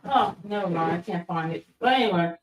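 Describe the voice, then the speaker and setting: A woman's voice: on the low side, a little fast, noisy background. A woman host telling viewers a personal story in a chatty, rambling way, with many fillers and restarts. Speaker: YouTube host.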